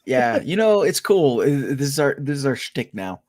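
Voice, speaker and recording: A man's voice: medium pitch, very animated, normal speed, a little mellow. A man co-hosting a late-night wrestling podcast, laid-back and agreeable in casual chat. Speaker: podcast co-host.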